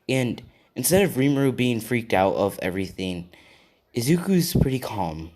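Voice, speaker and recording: A man's voice: mid-range voice, lively intonation, normal speed, a little mellow. A man casually narrating an improvised fan story, rambling with lots of fillers and asides to his viewers.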